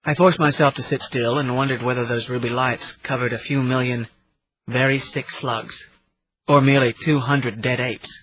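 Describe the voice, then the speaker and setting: A man's voice: mid-range voice, fairly even intonation, normal speed, a bit bright, poor audio. Man reading a novel aloud. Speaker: audiobook narrator. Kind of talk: scripted narration.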